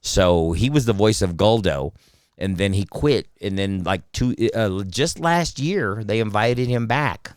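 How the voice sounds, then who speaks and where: A man with a low voice that swings widely and lively in pitch as he spins loose, profane stories on a podcast. He is recorded close and dry in a studio, with no room sound around him. He talks casually and drops into quick character impressions. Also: clear, resonant tone, no echo. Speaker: podcast guest, voice actor. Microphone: studio mic.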